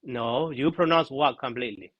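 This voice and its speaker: Halting male Pali teacher. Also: medium pitch, highs cut off. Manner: halting, searches for words, many fillers. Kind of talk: explaining grammar in a class discussion.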